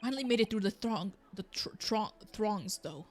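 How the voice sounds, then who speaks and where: A woman's voice: mid-range voice, animated, moderate pace. A young woman streamer giving casual, scatterbrained commentary while playing a game and reading lines aloud. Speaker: let's play streamer. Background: game music.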